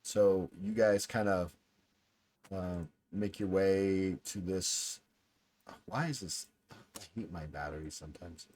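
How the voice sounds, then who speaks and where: A man's voice: low voice, slow, pauses often, darkish tone, slight background noise. A man narrating as game master of a tabletop game, in a casual, rambling way.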